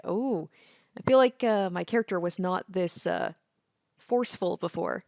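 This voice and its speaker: A woman's voice: lowish voice, a little slow, gravelly, darkish tone, no room sound, clean studio sound. A woman hosting a let's play, musing chattily as she plays through a game. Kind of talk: casual game commentary.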